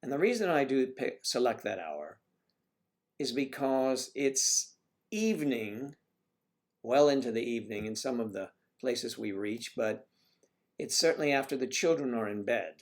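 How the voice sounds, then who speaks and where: A man hosts a casual livestream, talking straight to his viewers. He rambles and trails off into asides. His voice sits at an ordinary middle pitch. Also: animated, unhurried. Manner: rambling, chatty, full of asides. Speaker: livestream host. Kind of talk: casual chat.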